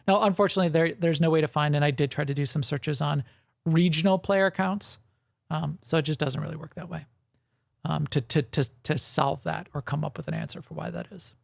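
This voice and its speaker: Clean studio sound with no echo captures this gaming podcast co-host, whose voice is on the high side with vocal fry. Chatting casually, he rambles, corrects himself, and chuckles often.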